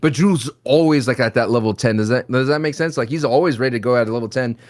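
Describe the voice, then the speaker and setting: A young man hosting a casual podcast, joking and animated, who acts out quotes in silly voices. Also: medium pitch, quick pace. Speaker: podcast host.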